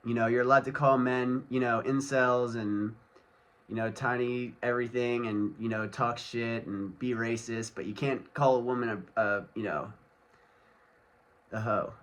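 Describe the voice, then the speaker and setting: A man's voice: medium pitch, fairly even intonation, measured pace, fairly bright tone. A man with a mid-range voice vents straight to the camera in a solo vlog rant. His talk is angry and laced with swearing. He rambles loosely from point to point, padding it with fillers. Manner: angry, profane ranting. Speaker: vlogger.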